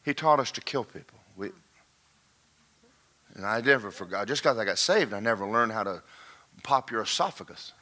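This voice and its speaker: An older man preaching, telling a folksy story with laughter and rising to shouts. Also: on the low side, lively intonation, moderate pace, pauses often. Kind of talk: sermon storytelling.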